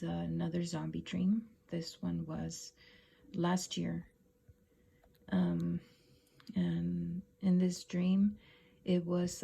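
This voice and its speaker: A woman vlogger recounts a dream in a casual, rambling way, using slangy, laid-back phrasing packed with fillers and swearing. Her lowish voice is husky and dark-toned, with vocal fry.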